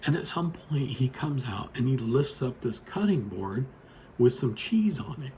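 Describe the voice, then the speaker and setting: A man's voice: medium pitch, animated, measured pace, dark tone, slight background noise. A man telling a story in a casual, rambling way, full of "you know" and restarts, recorded on a phone at a desk. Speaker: storyteller vlogger. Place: home desk with computer monitors.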